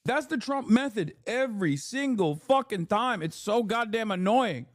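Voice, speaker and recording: A man's voice: high-pitched, lively intonation, moderate pace, no echo, studio quality. A young man streaming, ranting casually with sarcastic, profane mockery.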